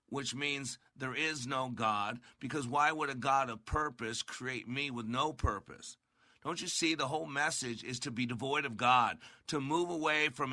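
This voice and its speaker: Bright, preachy male podcast host. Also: mid-range voice, dry recording. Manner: earnest, preacher-like emphasis, repeats phrases. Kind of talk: preachy commentary.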